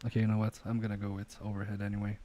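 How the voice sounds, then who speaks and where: A man's voice: lowish voice, monotone, rapid-fire, dark tone, a little hiss or hum. A man streaming an electronics repair live, muttering to himself and joking with viewers about his own mistakes. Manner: muttering to himself and chatting to viewers, self-deprecating.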